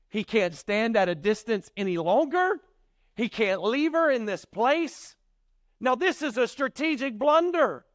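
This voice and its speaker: A man preaching a sermon, telling the story in animated fashion and acting out the voices of its characters. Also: very high voice, no room sound, studio quality. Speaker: pastor.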